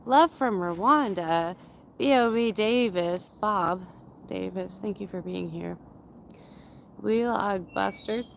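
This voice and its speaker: A woman in her thirties from Canada, casually chatting with her livestream viewers in a slow, rambling way, with a runny nose. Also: medium pitch, gravelly, a little hiss or hum. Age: 30s. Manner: slow, rambling and chatty, with frequent fillers and laughs. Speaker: livestream host. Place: outdoors in a forest area.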